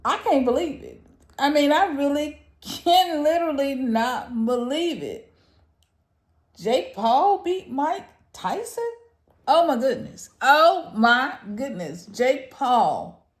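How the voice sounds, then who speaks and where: A woman's voice: sits high, big pitch swings, slow pace. A woman giving casual, exclamatory commentary to camera, often breaking into laughter between phrases. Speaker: vlogger. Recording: echoey room.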